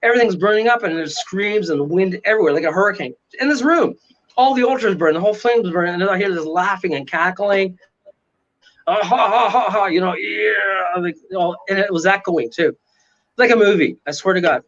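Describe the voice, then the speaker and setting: A paranormal investigator appearing as a guest tells a story dramatically in a high, fairly quick, fairly bright voice, acting out its voices and sounds. The recording has dull lo-fi audio.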